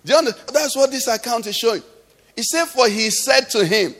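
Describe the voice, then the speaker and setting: His voice is extremely high and fairly bright, animated and slightly fast. He's a middle-aged pastor preaching in a church hall, prompting call-and-response from the congregation and illustrating his point with everyday stories. The recording carries a long hall reverb.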